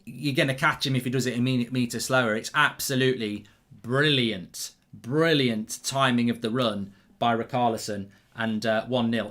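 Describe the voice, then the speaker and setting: A man hosting a live football watchalong, chatting excitably and rambling between the match action and viewer comments. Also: mid-range voice, moderate pace.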